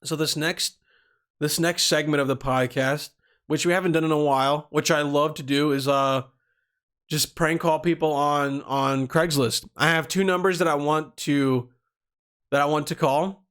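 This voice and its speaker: A man hosts a casual comedy podcast, rambling in a loose, profane monologue. He often stumbles and restarts his words, and his voice sits slightly high. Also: fairly even intonation, normal speed, a bit bright, clear, resonant tone. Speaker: podcast host.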